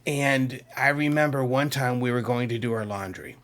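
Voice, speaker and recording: Here a man from Massachusetts rambles happily about his music collection on camera, a bit self-deprecating as he shows off his CDs. His mid-range, somewhat bright voice moves at a normal speed.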